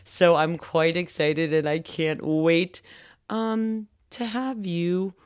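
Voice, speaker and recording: A woman's voice: on the low side, fairly even intonation, takes it slowly, smooth, dry recording, studio quality. A woman hosting a podcast, chatting playfully and teasing her guest in a casual interview. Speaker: podcast host.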